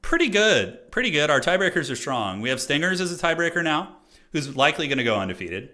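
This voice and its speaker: A man's voice: a little high, expressive, quick pace, bright, forceful tone. A man streaming a tournament game, talking viewers through his moves in a casual, self-critical way, thinking aloud with lots of fillers. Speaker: streamer playing a competitive strategy tournament. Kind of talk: live game commentary to viewers.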